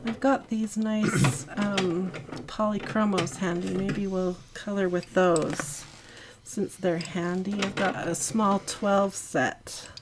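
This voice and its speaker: A woman hosting a live coloring stream from her art studio, chatty and giggly with drawn-out asides. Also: mid-range voice, fairly even intonation, noisy background. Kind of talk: casual live-stream chat while coloring.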